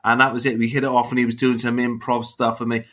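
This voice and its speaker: A man's voice: medium pitch, completely flat delivery, fast, a bit bright. A man in his fifties with a Bristolian accent, a blunt, chatty interview guest who laughs and swears easily. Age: 50s. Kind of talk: casual interview chat.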